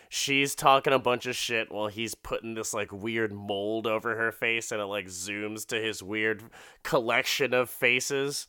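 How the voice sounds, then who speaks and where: A man's voice: mid-range voice, bright, forceful tone, clear, resonant tone, dry recording, clean studio sound. A man casually retelling a movie plot in a profane, rambling way, often laughing. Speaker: film recapper.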